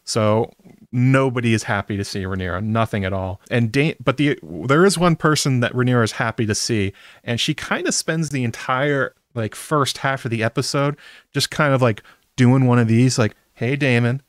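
A man streaming from home in a casual, rambling way, breaking off mid-sentence and chuckling between thoughts. His voice sits at an ordinary middle pitch, and the sound is close and dry with no room echo. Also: moderate pace. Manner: chatty, self-interrupting, laughs often. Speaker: streamer recapping a TV episode. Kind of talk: casual live-stream chat.

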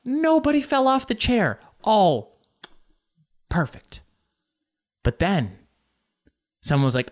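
Male stand-up comic, lively storyteller who swings into outraged squeals; voice on the higher side. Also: measured pace, pauses often. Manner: animated, jumps into squeals and mock outrage. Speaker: comedian. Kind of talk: stand-up comedy.

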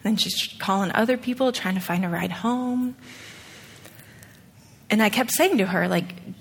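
A woman's voice: medium pitch, normal speed, fairly bright tone. A woman in her thirties giving a conversational sermon with a personal story, often checking in with "okay?". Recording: long reverb of a large hall.

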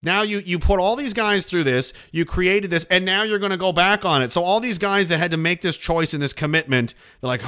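A man's voice: high-pitched, brisk, few pauses, bright, forceful tone, smooth. A man delivering sarcastic, profane, indignant commentary.

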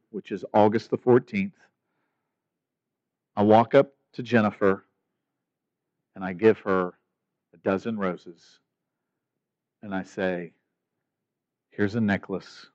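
A man preaching a sermon in a conversational way, asking rhetorical questions and rising to loud, emphatic peaks. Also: lowish voice, no echo, lo-fi sound. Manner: animated, rising to near-shouting emphasis. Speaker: pastor.

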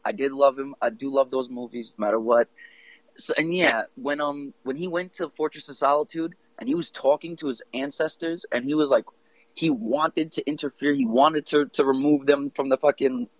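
A man chatting casually about movies, excitable and quick to jump between points, swearing now and then. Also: medium pitch, no echo, poor audio.

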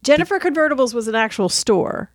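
A woman's voice: high-pitched, lively intonation, a little fast, no room sound. Woman, podcast co-host, casual movie chat, giggles a lot, dry close sound. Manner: giggly, laughs often.

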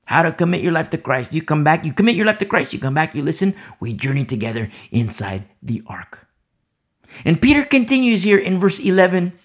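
A man preaching a sermon with fervent, dramatic delivery that swings from loud declarations to hushed whispers. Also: on the high side, big pitch swings, a little fast.

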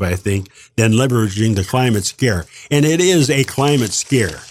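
A man's voice: medium pitch, moderate pace, few pauses, darkish tone. An older man delivering a heated, rambling opinion monologue as a podcast co-host, emphatic and indignant, with frequent restarts.

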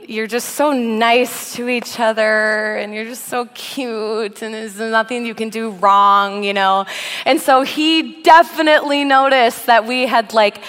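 A woman in her thirties preaching a sermon, telling funny personal stories with a self-deprecating, animated delivery and frequent laughs. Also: on the high side, clear, resonant tone. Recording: long reverb of a big hall.

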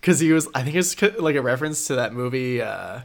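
A man's voice: medium pitch, lively intonation, fast, creaky. A young man co-hosting a casual podcast, laid-back and swearing. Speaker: podcast co-host. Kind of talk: casual chat.

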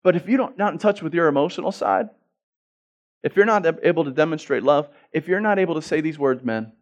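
A middle-aged man, a pastor, preaching a sermon, telling stories with repeated words and restarts, swinging from loud to hushed. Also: on the high side, lively intonation, fairly quick.

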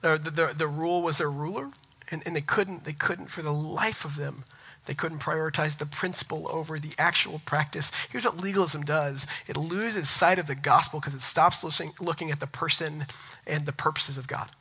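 Bright, lively preacher man. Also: on the high side, normal speed, husky, low-quality recording. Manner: animated storytelling with self-mocking humor. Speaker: pastor. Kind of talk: sermon.

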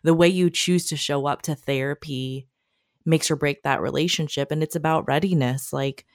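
A woman co-hosting a podcast in casual chat, opinionated, with quick asides and frequent laughs. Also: low-pitched, steady tone, no echo, studio quality. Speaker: podcast co-host.

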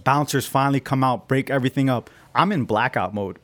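A young man casually telling a profane fight story among friends, acting out the quotes loudly. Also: mid-range voice, fairly quick.

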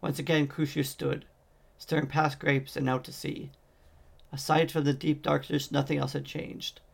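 Guy reading a fantasy book aloud, steady, kinda monotone, tons of vocal fry. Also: fairly high pitch, moderate pace. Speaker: audiobook reader.

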